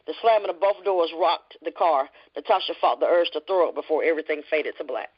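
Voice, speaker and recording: A woman author reading her novel aloud in an earnest, steady voice and then chatting in an interview. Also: sits low, a little fast, hardly any pauses, husky. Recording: lo-fi podcast audio.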